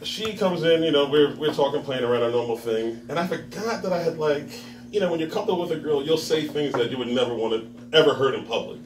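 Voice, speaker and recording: A man's voice: on the high side, quick pace, slight background noise. A man in his thirties telling a rambling stand-up story at an open mic, laughing at his own jokes and acting out the people in it. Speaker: stand-up comedian. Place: bar with live audience. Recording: roomy distant mic with crowd.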